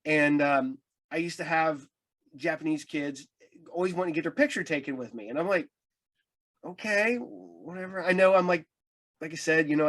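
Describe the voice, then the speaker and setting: A man hosting a podcast, telling rambling anecdotes in casual chat with many restarts. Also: a little high. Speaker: podcast host.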